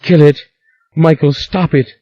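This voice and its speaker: A man's voice: on the low side, measured pace, husky, dull audio. A male audiobook narrator voicing a distraught woman who screams and sobs. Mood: frantic. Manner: frantic, choking. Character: desperate distraught woman, screaming then sobbing.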